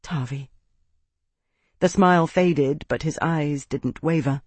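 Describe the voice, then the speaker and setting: A male audiobook narrator with a husky, even voice and a measured pace. The recording is close and completely dry. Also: a little high, no room sound. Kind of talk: scripted narration.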